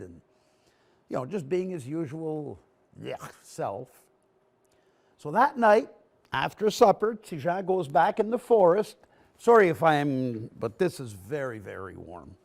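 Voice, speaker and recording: Guy telling kids a story, really lively up and down voice, bit husky. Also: a little high, unhurried. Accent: Canadian English. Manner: animated, acts out scenes with gestures. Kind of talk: oral storytelling for children. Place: TV studio. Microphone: broadcast mic.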